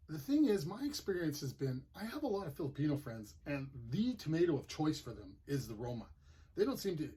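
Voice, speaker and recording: Husky-voiced man hosting. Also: fairly high pitch, darkish tone. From Manitoba, Canada. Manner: chatty, storytelling, plainspoken. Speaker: gardening channel host. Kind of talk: casual explanatory vlog.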